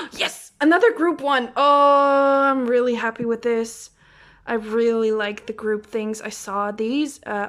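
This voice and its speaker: A young woman unboxing albums chats excitedly in her vlog, gasping and counting down before each reveal and often slipping into a whisper. Her voice is on the high side with a fairly bright tone.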